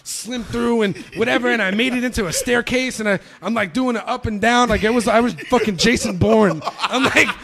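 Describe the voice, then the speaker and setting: A young man from New York telling a story on a podcast, with a fairly high voice. He swears freely and gets animated, acting out the people in it as he goes. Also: fairly quick, few pauses, background noise. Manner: animated, profane, acts out voices. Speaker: podcast guest. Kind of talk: casual storytelling.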